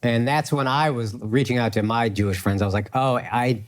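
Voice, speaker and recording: A man's voice: mid-range voice, a little fast. A man on a podcast, chiming in with agreement and short points in casual chat. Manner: agreeable, interjecting.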